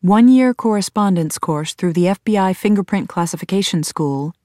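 A woman reading a first-person audiobook in a measured, tense storytelling manner. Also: mid-range voice, expressive, mellow, dry recording, studio quality. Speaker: audiobook narrator.

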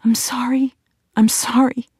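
A woman voicing a grieving mother in hushed tears. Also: fairly high pitch, flat delivery, measured pace, slightly rough, no room sound, clean studio sound, pitched above the performer's own voice. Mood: tearful. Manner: tearful, half-whispered apologies. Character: grieving young mother, apologetic, broken.

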